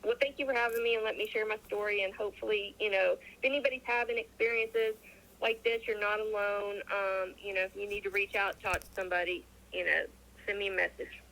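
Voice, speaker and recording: A woman's voice: mid-range voice, brisk, poor audio. Woman telling a story over a call. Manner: animated, acts out quoted dialogue, frequent restarts. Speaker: interview guest. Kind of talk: casual storytelling.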